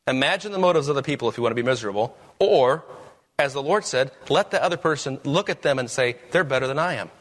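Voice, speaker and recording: A man's voice: medium pitch, animated, quick pace, a bit bright. A man preaching a sermon as pastor, with emphatic, rising questions.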